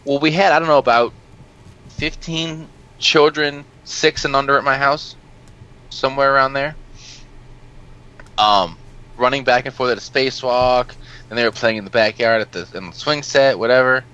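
A man's voice: medium pitch, fairly even intonation, moderate pace, long pauses, bright, forceful tone, smooth. A man casually telling long, rambling stories on a podcast, swearing freely and laughing at his own anecdotes. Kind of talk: casual storytelling chat. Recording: dull lo-fi sound.

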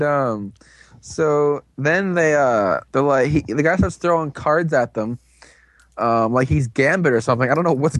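A man in casual chat, animatedly recapping a show and tossing in quick voiced quotes between laughs. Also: medium pitch, dry recording.

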